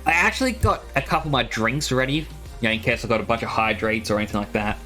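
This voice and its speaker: A man's voice: mid-range voice, fast talker, sharp tone, faint music behind. A man streaming live, chatting casually and rambling with laughs, his throat dry from talking for a long time.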